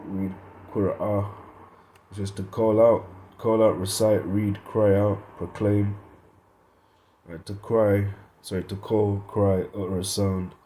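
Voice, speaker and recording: Deep-voiced man teaching a Bible study. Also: level tone, takes it slowly, mellow, slight background noise. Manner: thinking aloud, reads verses and definitions, self-correcting. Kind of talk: informal Bible study lesson.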